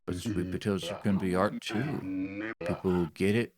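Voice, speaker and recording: A man voicing a washed-up middle-aged male ex-director from a game, speaking slowly in a low mumble. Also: fairly even intonation, background noise, lightly acted. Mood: wistful. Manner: slow, low and mumbled, reading game dialogue.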